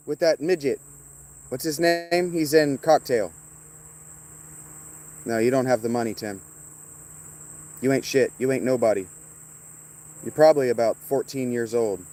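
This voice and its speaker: A man's voice: medium pitch, normal speed, long pauses, dark tone. A man streaming casually outdoors, rambling and swearing as he teases viewers by name. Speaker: streamer reading chat. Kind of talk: casual livestream chat.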